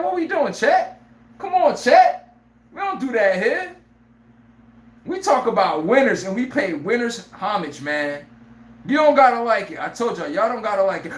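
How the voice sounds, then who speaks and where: Brash, laughing live sports-stream host. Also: male voice, high voice, echoey room. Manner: brash, animated, laughs often, acts out players' lines. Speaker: sports talk show host.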